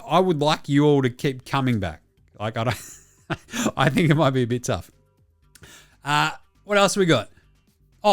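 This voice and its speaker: An Australian man hosting a solo sports talk show, bluntly rambling and swearing constantly as he reads out listener messages. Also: fairly high pitch. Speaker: podcast host.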